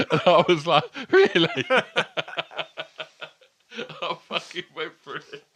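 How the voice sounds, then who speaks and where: A man chatting loosely on a comedy podcast, a little tipsy after a few lagers. He swears freely and laughs often, with a bright, clear tone. The sound is close and dry. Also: a little high, fairly even intonation, slow pace, no room sound. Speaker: podcast co-host. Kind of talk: casual chat.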